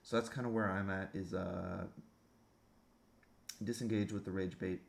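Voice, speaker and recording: A man's voice: sits low, steady tone, a little slow, vocal fry. A man delivering a crude, sarcastic monologue rant as a vlogger.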